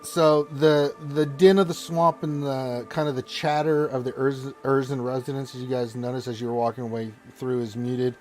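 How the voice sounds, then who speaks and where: Male game master, rambling narration, mid-pitched, faint music. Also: level tone, normal speed, few pauses, a little mellow. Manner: rambling with fillers and restarts.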